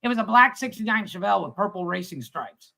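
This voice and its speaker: A man in his thirties co-hosting a casual livestream chat, telling a long story with lively acted-out quotes and plenty of swearing. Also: high voice, quick pace, gravelly, poor audio. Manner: animated storyteller, acts out quotes, swears freely. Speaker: podcast co-host.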